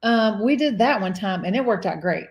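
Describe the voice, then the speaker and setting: Speaking at a moderate pace in a mid-range voice with lively intonation, this middle-aged cruise vlogger co-hosts a live stream. She keeps things casual, laughs often, and reads out comments from viewers.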